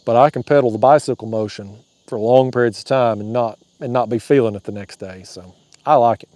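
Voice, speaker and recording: A man with a drawl talks on a fishing livestream from his kayak, reading out comments and cracking jokes. His voice sits at an ordinary pitch and sounds dry and close, with crickets and insects buzzing outdoors at night. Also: fairly quick, darkish tone, no room sound. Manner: drawling, joking, laughs at his own jokes.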